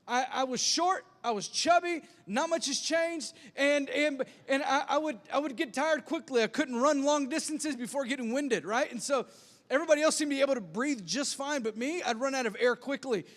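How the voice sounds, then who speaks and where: A pastor with an extremely high, slightly bright voice preaches at normal speed in a large church sanctuary. He tells stories that poke fun at himself, stammering and restarting often.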